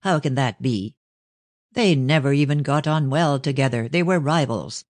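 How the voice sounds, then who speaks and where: A man voicing a stern, guarded older Victorian father who speaks in a measured, ironic way in an audiobook. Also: mid-range voice, no room sound, lightly acted. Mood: cold. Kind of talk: audiobook reading of a novel.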